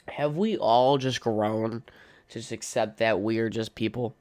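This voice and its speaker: Young man, podcast host, casual profane rant, smooth clear voice, dry close sound. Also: lowish voice, a little slow, darkish tone, no room sound. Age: young adult. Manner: blunt, profane and opinionated, with frequent fillers.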